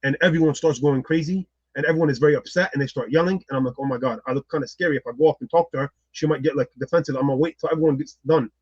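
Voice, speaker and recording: A man with a slightly high, husky voice rattles through a personal story at speed and acts out everyone in it. The sound is dry and a little muffled. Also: racing, few pauses, dry recording. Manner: lively, acts out the people in his story. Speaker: guest.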